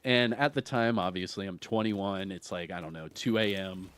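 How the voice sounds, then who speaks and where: A man's voice: sits low, normal speed, smooth. Rambling man streamer telling stories. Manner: rambling, animated storyteller who laughs and uses many fillers. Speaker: video game streamer. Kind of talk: casual storytelling while streaming.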